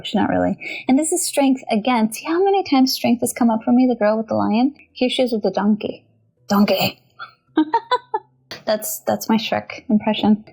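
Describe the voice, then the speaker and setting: A woman casually teaching tarot, chatty and animated, often giggling and addressing viewers directly. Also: on the high side, creaky, breathy edge. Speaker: tarot reader and channel host.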